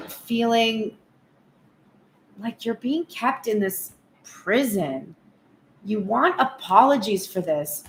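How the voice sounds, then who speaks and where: A woman giving a frank, animated tarot reading in a casual spoken style, swearing now and then. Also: mid-range voice, roomy sound, slight background noise. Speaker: tarot reader.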